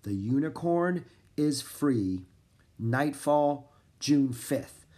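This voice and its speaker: Man reading gruff older farmer, grave, commanding, lively delivery, storybook. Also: normal speed, natural voice. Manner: grave, commanding, booming at times.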